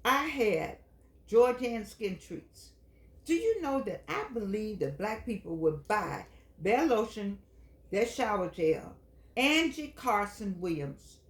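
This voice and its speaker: An older woman talks in an earnest, chatty way, leaning on words like a preacher. She mixes motivational talk with passages read from a book. Her medium-pitched voice rings around an echoey room. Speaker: host of a senior-life show.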